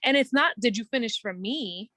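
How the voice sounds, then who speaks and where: A woman guest in a casual interview, telling her story earnestly and quickly, acting out her own thoughts and using many "like" fillers. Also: on the high side, expressive, pushed and bright, no echo. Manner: earnest, fast storytelling with quoted self-talk and many "like" fillers. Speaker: guest entertainer.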